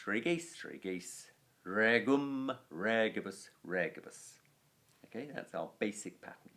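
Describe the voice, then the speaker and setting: Man, Latin teacher, slow, animated pitch, chanted declensions, patient. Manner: plain-spoken, checks in with frequent "okay". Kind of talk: recorded grammar lesson.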